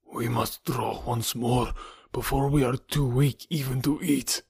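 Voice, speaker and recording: A man voicing a starving, greedy Russian castaway who sounds weak and breathy. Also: medium pitch, unhurried, fairly bright tone, no echo, clean studio sound, pitched above the performer's own voice, heavily acted.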